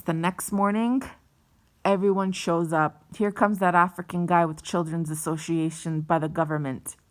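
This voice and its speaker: A woman telling a personal story in a vlog, intense and emotional, with frequent swearing. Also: on the low side. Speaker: vlogger.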